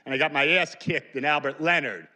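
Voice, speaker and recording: Guy in his 60s from new york going off at a public hearing mic, sharp bright voice, kinda high for a man. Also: brisk. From New Rochelle, New York. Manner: emotional, combative speech. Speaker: public commenter.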